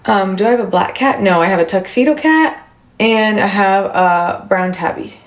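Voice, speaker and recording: A woman in her thirties hosts a casual livestream, chatting with viewers and responding to their comments with lots of fillers. Her mid-range voice is animated at a moderate pace, with reverb in the sound.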